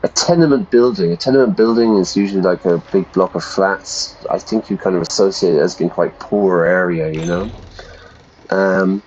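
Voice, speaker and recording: A low-voiced man teaching English while he plays a game on stream, chatty and explaining words as he goes. He often asks viewers questions. His sound is dull and lo-fi. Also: normal speed, a little mellow, a little hiss or hum. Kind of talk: casual game commentary for learners.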